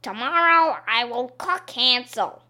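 Woman doing a wicked old witch, slow and menacing. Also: on the high side, expressive, sharp tone, exaggerated voice. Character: wicked blind old witch, cruel and greedy.

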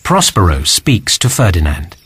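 A man narrating a graded reader story slowly and clearly. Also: deep voice, big pitch swings, fairly bright tone, no echo. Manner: slow and clear.

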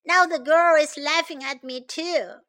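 A woman's voice: high voice, measured pace, a bit bright, pitched above the performer's own voice. A woman voicing a small stubborn male hedgehog in a storybook reading. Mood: indignant.

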